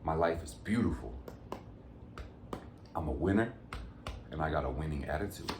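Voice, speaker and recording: Very deep-voiced man reading tarot. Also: expressive, moderate pace, reverberant, background noise. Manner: upbeat, motivational, addresses viewers as fam and gang. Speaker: tarot reader. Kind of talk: casual tarot reading to viewers.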